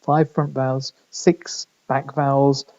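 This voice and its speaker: A man's voice: medium pitch, flat delivery, slow, darkish tone, lo-fi sound. A man from the middle of England with a northern English accent, giving a recorded lecture with many fillers and restarts. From Midlands of England. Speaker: linguistics lecturer.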